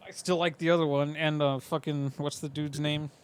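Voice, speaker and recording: A young man in casual podcast chat. His voice sits a little high. He keeps things short and dry, needling his co-host with teasing asides. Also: level tone, normal speed, clean tone.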